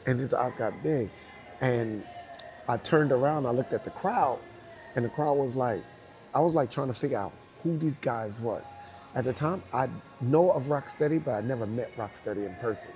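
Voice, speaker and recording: Man, New York accent, lively storytelling, voices and sound effects, swears, faint music behind. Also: medium pitch, moderate pace. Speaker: guest, dancer. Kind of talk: animated storytelling.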